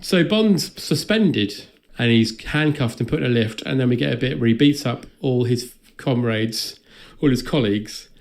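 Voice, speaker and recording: A male podcast host recapping a film with dry, sardonic humour. His voice sits at an ordinary middle pitch, and he tells the plot plainly with deadpan jabs. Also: normal speed, creaky, hardly any pauses.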